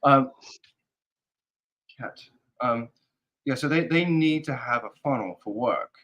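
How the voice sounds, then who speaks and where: A man as an interview guest, speaking earnestly in halting fragments as he thinks aloud. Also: medium pitch, animated, a bit bright, low-quality recording. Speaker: guest, security advisor. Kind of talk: casual interview talk.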